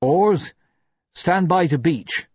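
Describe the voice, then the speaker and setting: Man doing young navy lieutenant yelling boat orders, high and loud, a bit raspy, flat dull audio. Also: slow, no echo, exaggerated voice. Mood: commanding. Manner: crisp, urgent commands.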